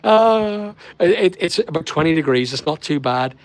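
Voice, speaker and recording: A man's voice: fairly high pitch, animated, normal speed, slight background noise. A man with a Northern Irish accent, hosting a casual live stream and chatting with viewers by name in a rambling way. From Northern Ireland. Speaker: livestream host. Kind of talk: casual live chat reading viewer comments.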